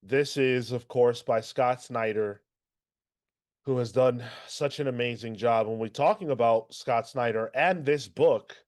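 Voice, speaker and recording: A man's voice: medium pitch, unhurried, a little mellow, no echo, studio quality. A man hosting a casual comics podcast, talking energetically and loosely about the week's books. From Irish heritage. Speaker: podcast host.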